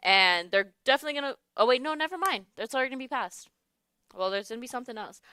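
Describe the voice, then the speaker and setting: A woman's voice: fairly high pitch, animated, fast talker, bright, forceful tone, clean tone. A young adult woman hosting a radio talk show in a studio, chatting casually, often laughing and searching for words. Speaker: radio host. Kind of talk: casual chat. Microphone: studio microphone.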